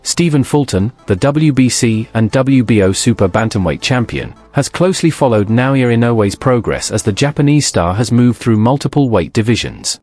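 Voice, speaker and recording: A man reads formal sports narration in an even, measured way. His voice sits at a middle pitch. Faint music runs underneath. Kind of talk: scripted narration.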